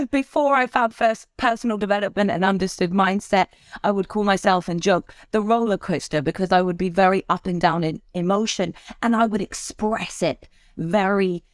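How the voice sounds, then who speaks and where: A woman from the UK, a speaker trainer talking as a podcast guest, expressive and swinging widely in tone and loudness. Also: medium pitch, normal speed, dry recording, studio quality. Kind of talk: podcast interview.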